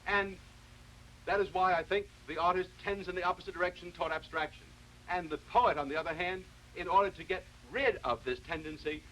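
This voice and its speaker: A man giving a televised philosophy lecture, explaining in a measured, deliberate way and often restarting his sentences. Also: fairly high pitch, a bit bright, slight background noise, poor audio.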